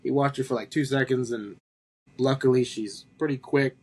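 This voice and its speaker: Man, high school soccer coach, mid-pitch, relaxed storytelling. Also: moderate pace. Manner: chatty storyteller, quotes others. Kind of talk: casual chat.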